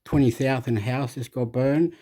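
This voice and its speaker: A man's voice: medium pitch, fairly even intonation, a little slow, warm tone. A man from Chile with a Chilean Spanish accent, Spanish his first language, rambling hesitantly with many fillers in a casual monologue as host of his own channel.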